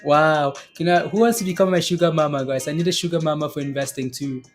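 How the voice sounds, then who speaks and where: This stock trading livestream host talks fast in a slightly high voice, with faint music playing behind him. His chat with viewers is casual, full of laughter and repeated phrases.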